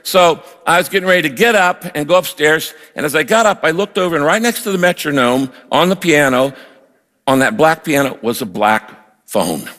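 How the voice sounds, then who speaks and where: An older pastor preaches with a lively, storytelling delivery and acts out his own prayers. His voice sits a little high for a man. The sound carries a long reverb, as in a big hall. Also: moderate pace. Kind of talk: sermon with personal story.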